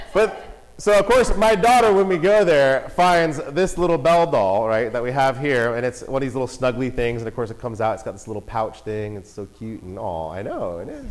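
A father telling a family story in a casual, animated way. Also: medium pitch, moderate pace, low-quality recording. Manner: animated, acts out voices and shouts in quotes.

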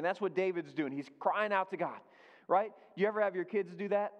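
A man's voice: high-pitched, fairly quick. A man pastor giving a conversational sermon, repeating his key phrases for emphasis. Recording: dull lo-fi sound with long hall reverb.

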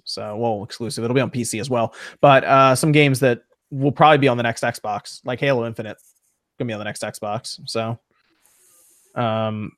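A man's voice: mid-range voice, a bit bright, no echo, clean studio sound. A man hosting a casual gaming talk show, reading out viewer messages and giving his opinions. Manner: quick, upbeat, reads out chat questions.

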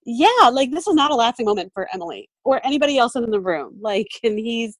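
A woman's voice: fairly high pitch, big pitch swings, a little fast, no echo. A woman guest on a podcast, talking casually, full of "like" and frequent laughter. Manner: chatty, laughs often, lots of "like". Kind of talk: casual chat.

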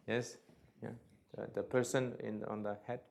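A man teaching in halting non-native English, answering audience questions in a lecture hall and acting out examples with emphasis. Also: fairly low pitch, level tone, creaky, a little mellow. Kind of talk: spoken talk and Q&A.

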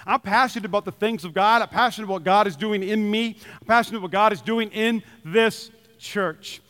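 A man's voice: high voice, brisk, hardly any pauses, fairly bright tone, clean tone. A man preaching a sermon in a church, passionate and emphatic, repeating his key phrases and getting worked up. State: sweaty. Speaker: pastor. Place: church sanctuary. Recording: long church hall reverb.

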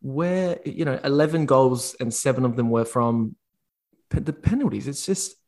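A man's voice: medium pitch, normal speed, a little mellow. A man with an ordinary mid-range voice chats about football in a wry, easygoing way. He likes to back his points with stats. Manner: chatty, wry, quotes stats. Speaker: podcast co-host. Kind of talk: casual football chat.

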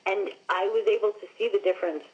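A Long Island, New York actress, appearing as a guest in a casual interview, tells stories animatedly and keeps dropping "like" and "you know." Her voice is medium in pitch, fast and darkish, and the audio sounds dull.

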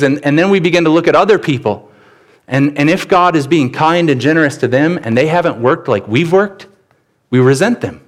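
His voice is on the high side, animated and fairly quick as this middle-aged pastor preaches, relating stories and acting out each character's words.

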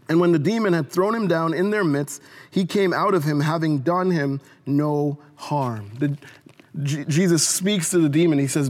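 A man's voice: a little high, moderate pace. A man preaching a sermon as pastor, earnest, with frequent restarts, and he asks the congregation to say words with him. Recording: long hall reverb.

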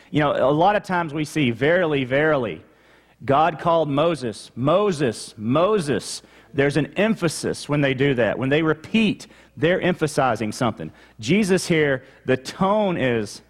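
A man's voice: fairly high pitch, expressive, moderate pace. A male pastor preaching a teaching sermon, explaining the text and repeating key points for emphasis.

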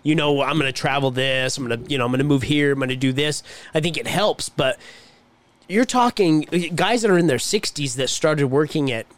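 A man's voice: a little high, brisk. A man co-hosting a casual podcast, joking along and musing laid-back about retirement. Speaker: podcast co-host.

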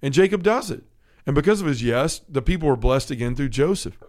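A man's voice: mid-range voice, animated, a little fast, a little mellow. A man hosting a faith podcast alone, speaking earnestly and conversationally and often checking in with "right?". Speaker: podcast host. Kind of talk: casual faith talk.

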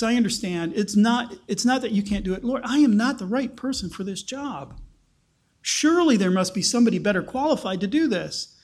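A man speaking as Moses in a Bible retelling, hesitant and pleading, stumbling over his words. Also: high voice. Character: Moses, a reluctant, self-doubting grown man.

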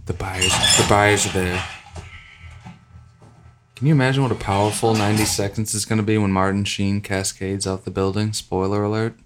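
A man hosting a podcast in casual chat, playful and sarcastic, who shifts to a brisk announcer tone for plugs. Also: fairly low pitch, steady tone, slight background noise. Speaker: podcast host.

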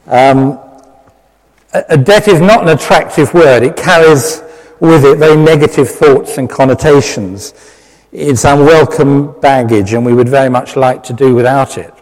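A British lay preacher giving a conversational, self-deprecating sermon, with many fillers. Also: male voice, mid-range voice, moderate pace, a little mellow. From Britain. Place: church hall with long reverb. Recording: reverberant church hall.

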